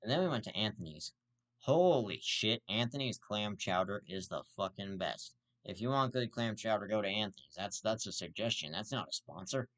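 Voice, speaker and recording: A man's voice: on the low side, lively intonation, normal speed, fairly bright tone. A man hosting his own show, giving profane ranting commentary in a blunt, repetitive way. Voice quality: blunt, profane and repetitive, circling back to the same insult. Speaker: show host.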